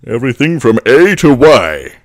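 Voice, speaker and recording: A man voicing a tiny, scheming evil male cartoon plankton with a slow, grandiose villain delivery. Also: mid-range voice, big pitch swings, voice pushed up. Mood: smug.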